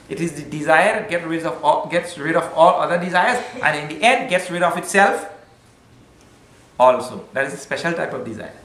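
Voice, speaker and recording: A man gives a spiritual talk in a relaxed, conversational way, mixing in Sanskrit words and light jokes. His voice sits a little high. The hall around him echoes. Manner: conversational, with Sanskrit terms and gentle humor. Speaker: spiritual teacher. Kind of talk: spiritual discourse.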